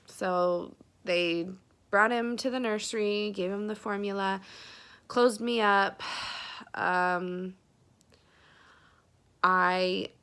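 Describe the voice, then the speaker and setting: Young woman vlogger, tearful personal story, slow and halting. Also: medium pitch, steady tone, a bit bright, clean tone. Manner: emotional, close to tears, many fillers.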